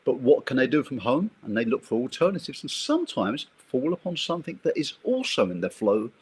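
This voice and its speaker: A man in a casual talk, explaining his views in a thoughtful, measured way. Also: medium pitch, very animated, husky. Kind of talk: casual chat.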